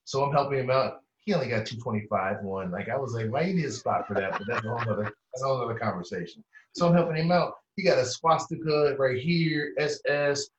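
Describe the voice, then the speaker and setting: A man with a mid-range voice tells animated stories, full of slang and sudden high-pitched impressions of the people he quotes. He sounds distant from the mic in an echoey room. The sound is a little dull. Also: fast, a little hiss or hum. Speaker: therapist, interview guest. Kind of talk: animated storytelling in conversation.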